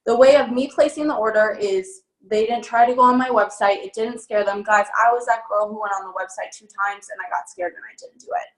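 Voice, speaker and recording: A woman's voice: a little high, steady tone, a little fast, hardly any pauses. A young woman giving a casual sales training talk, chatty and upbeat with lots of fillers. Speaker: network marketing trainer. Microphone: phone. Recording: echoey room.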